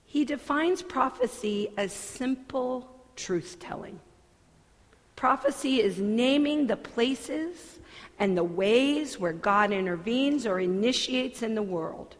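A woman pastor delivering a sermon in a church sanctuary, earnest and deliberate, with conversational asides. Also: on the high side, lively intonation. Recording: long hall reverb.

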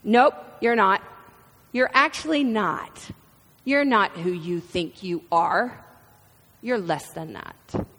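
A woman's voice: mid-range voice, takes it slowly, pauses often, a bit bright. A woman voicing a sly serpent, needling and insistent. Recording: reverberant hall.

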